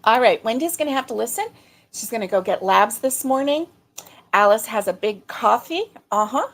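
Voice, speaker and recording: A middle-aged woman hosting a casual live stream, greeting viewers by name, chatty and quick to laugh, her throat a little strained. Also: a little high, lively intonation. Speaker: livestream host.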